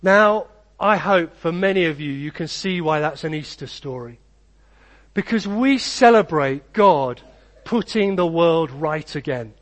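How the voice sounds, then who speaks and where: A male pastor with a notably high voice for a man, preaching in an earnest, rhythmic way. He leans on short repeated phrases and moves easily from reading a story to addressing the congregation. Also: animated, measured pace.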